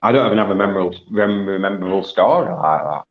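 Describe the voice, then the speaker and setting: A man with a fairly low voice chatting casually as a radio guest. He talks in a laid-back, self-deprecating way. The recording is a little muffled and lo-fi. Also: fast talker. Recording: muffled lo-fi audio.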